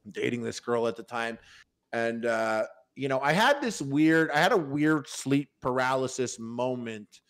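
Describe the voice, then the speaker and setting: Telling a long story on his podcast, the host, a man in his twenties, meanders with plenty of fillers and restarts. He takes his time, with a medium-pitched, slightly bright voice and lively intonation.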